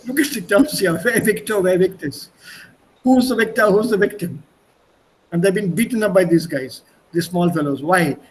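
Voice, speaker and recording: A man's voice: sits high, normal speed, slight background noise, low-quality recording. Chatty man teaching online. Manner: chatty, repeats words, switches between languages. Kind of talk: online language lesson. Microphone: video call.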